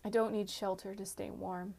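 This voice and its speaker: A woman's voice: mid-range voice, level tone, normal speed, creaky, darkish tone. A woman voicing a young woman with dangerous magic who speaks sharply and with self-loathing, in an audiobook reading.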